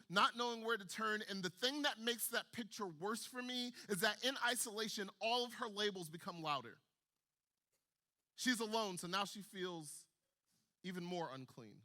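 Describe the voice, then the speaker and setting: Young male preacher, high bright voice, emphatic repetitive student sermon. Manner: emphatic, repetitive, building intensity.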